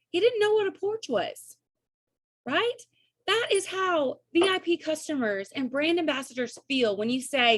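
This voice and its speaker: A woman's voice: sits high, a little fast. Chatty woman coaching on a video call. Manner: energetic, chatty, keeps asking "right?" and "okay?". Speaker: network marketing coach.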